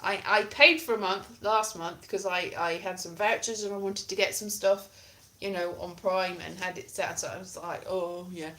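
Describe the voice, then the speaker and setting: A woman's voice: mid-range voice, fairly even intonation, moderate pace, pushed and bright. Woman streamer, casual chat with viewers, playful and self-mocking.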